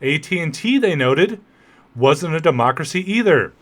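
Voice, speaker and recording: A man's voice: fairly high pitch, animated, moderate pace, a bit bright. A man hosting a podcast, talking straight to his listeners in a conversational political commentary monologue. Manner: conversational, rhetorical asides to listeners. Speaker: podcast host.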